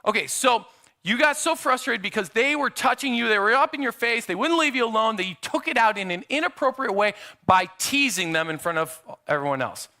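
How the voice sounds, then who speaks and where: Lively, bright-voiced male pastor preaching. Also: extremely high pitch, brisk. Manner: conversational, acts out quotes of children. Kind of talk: sermon. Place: church sanctuary.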